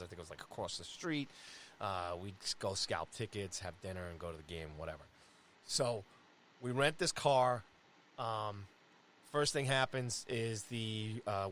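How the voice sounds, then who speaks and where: A man, co-hosting a sports podcast and telling a road-trip story in a casual, animated way. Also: lowish voice, a little hiss or hum. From Long Island, New York. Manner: animated, acts out quoted voices. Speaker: podcast co-host.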